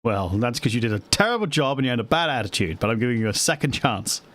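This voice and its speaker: A man's voice: mid-range voice, big pitch swings, quick pace, a bit bright. A man playing a tabletop game, scheming and laughing often, in a casual chat. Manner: scheming, laughs often, restarts mid-sentence. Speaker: player.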